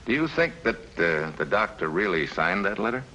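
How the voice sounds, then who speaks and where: An actor playing a dry, wisecracking American special agent in a 1950s TV drama. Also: male voice, sits low, sing-song, moderate pace, sharp tone, full character voice, low-quality recording. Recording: old TV soundtrack with faint hiss.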